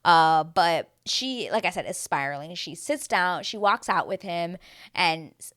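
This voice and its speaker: Woman, casual recap host, lowish voice with a lively, swooping delivery, gossipy and blunt, drops in impressions. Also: a little slow, no echo, clean studio sound. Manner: animated and gossipy, mimics the cast in voices.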